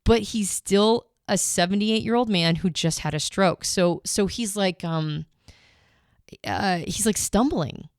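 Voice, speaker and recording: A woman's voice: medium pitch, measured pace, no echo, clean studio sound. A woman co-hosting a podcast, casually retelling a personal story, emotional and full of restarts and asides. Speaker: podcast co-host.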